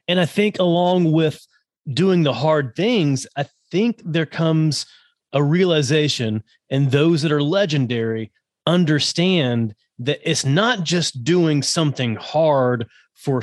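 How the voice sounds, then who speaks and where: A man's voice: fairly high pitch, lively intonation, takes it slowly, no echo, clean studio sound. Agreeable man hosting a podcast. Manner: agreeable, reflective, sums up points. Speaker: podcast host. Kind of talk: conversational podcast interview.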